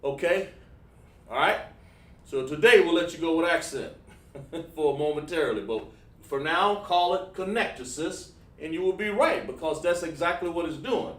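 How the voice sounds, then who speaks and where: Male instructor, fairly high voice, patient, keeps checking in, roomy echo. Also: lively intonation, moderate pace, a bit bright. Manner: patient, checks in with repeated "okay, all right", praises students. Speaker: class instructor. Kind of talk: livestreamed language class. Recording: echoey room, voice far from mic.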